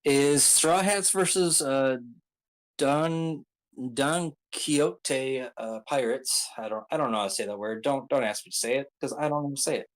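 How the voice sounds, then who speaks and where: A man's voice: mid-range voice, fairly quick, few pauses, rough recording. A man casually recapping a story, rambling with many ums and uhs and throwing in joking asides. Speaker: video creator recapping an anime arc.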